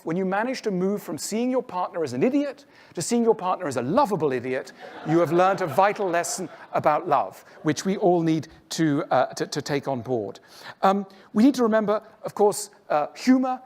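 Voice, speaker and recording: A man lecturing to an audience, his pitch rising and falling with lively swings. He explains his points earnestly. He often drops into quick impressions of other people. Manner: animated, acts out other people's voices. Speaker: public speaker.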